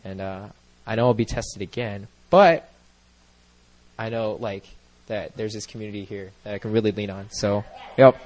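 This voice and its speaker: A young man giving a personal testimony into a microphone at a church gathering, earnest and rambling, full of "like" and "you know" and quick to laugh. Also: fairly low pitch, darkish tone.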